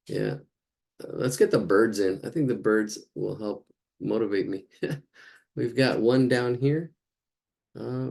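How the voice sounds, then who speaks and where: A man's voice: lowish voice, gravelly, a little mellow. A man teaching a casual live drawing lesson, chatting and thinking aloud as he sketches.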